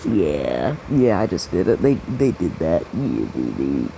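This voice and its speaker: A man's voice: sits low, measured pace, gravelly, few pauses, poor audio. A young man improvising a fan-fiction story in a rambling, profane, casual way, with many restarts. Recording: steady background noise.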